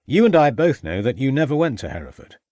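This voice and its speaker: A man's voice: mid-range voice, sing-song, quick pace, a little mellow, no room sound, natural voice. A man reading an audiobook, voicing a shrewd, stern male police inspector who questions in a dry, mocking way. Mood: probing. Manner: probing, dryly mocking.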